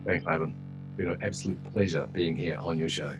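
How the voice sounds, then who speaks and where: Deep-voiced man telling stories chattily. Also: fairly quick, music in the background, poor audio. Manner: chatty, enthusiastic anecdote-telling. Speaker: guest speaker. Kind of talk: podcast interview storytelling.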